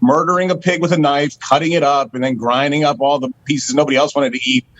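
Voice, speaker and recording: A radio co-host man with a slightly high voice who sets up jokes in a wry, deadpan way. He trades loose stories with the other hosts. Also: fast talker, lo-fi sound. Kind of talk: casual radio show banter.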